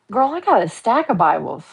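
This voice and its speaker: At home painting her nails, a woman hosts a casual livestream, chatting, joking, and teasing as she goes. Her mid-range voice is creaky and husky, and the audio quality is poor.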